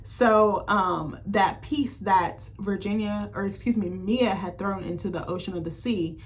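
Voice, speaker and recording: Woman, film critic vlogger, casual recap, profane, filler-heavy, mid-range pitch. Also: unhurried, a little hiss or hum.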